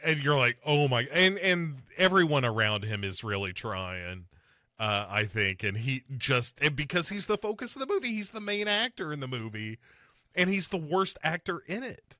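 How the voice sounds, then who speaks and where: A man chats casually as podcast host, his bright, forceful voice jumping around whenever he mocks a character. The sound is dry and close, with no room around it. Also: normal speed, no echo. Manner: animated, swings pitch up to mock and mimic film characters. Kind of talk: casual chat reviewing a film.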